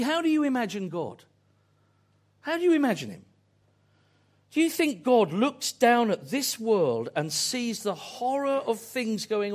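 A man preaching a sermon, earnest and fond of repeated phrases and pointed questions. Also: high voice.

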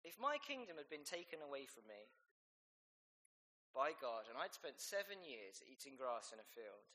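A man preaching a sermon, reading scripture aloud and rising to loud, emphatic peaks. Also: medium pitch, sing-song, moderate pace. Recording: long hall reverb.

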